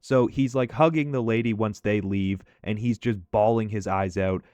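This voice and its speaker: A man telling a profane, animated story in a casual commentary over gameplay. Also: fairly low pitch, moderate pace, dry recording.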